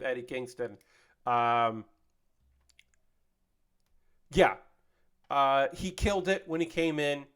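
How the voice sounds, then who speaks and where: A man's voice: on the high side, smooth. A man in his thirties hosting a casual livestream, ranting with passion and heavy profanity, repeating and restarting his sentences. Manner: repeats himself and restarts often. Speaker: livestream host.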